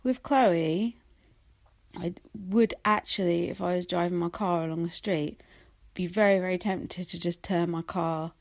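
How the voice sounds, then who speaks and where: A young woman hosts her own podcast and riffs alone on reality television. She is sarcastic and swears freely, laughing between points. Her voice sits fairly low for a woman. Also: vocal fry, darkish tone. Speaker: podcast host. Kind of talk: casual solo commentary.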